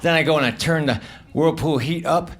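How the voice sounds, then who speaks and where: A male stand-up comedian delivering one-liners on stage in a halting, deadpan way with self-deprecating asides. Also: on the high side. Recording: noisy live show recording.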